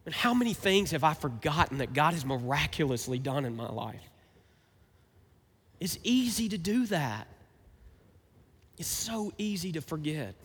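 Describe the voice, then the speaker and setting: A man in his thirties delivers an animated sermon in a high, bright voice. His preaching swings from emphatic to hushed, and the sound carries the long reverb of a large hall. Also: husky. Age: 30s. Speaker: pastor.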